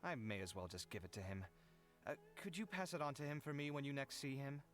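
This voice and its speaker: A man's voice: medium pitch, brisk, fairly bright tone, faint music behind, close to an everyday voice. A man voicing a tired, modest young architect who talks hesitantly and sighs in a game cutscene. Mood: puzzled. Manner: hesitant, sighing. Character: weary young male architect, modest, drained.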